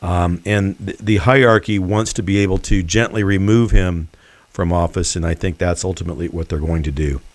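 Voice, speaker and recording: A man's voice: low voice, fairly even intonation, no echo. Emphatic male political commentator. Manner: emphatic, deliberate, mocking. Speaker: host.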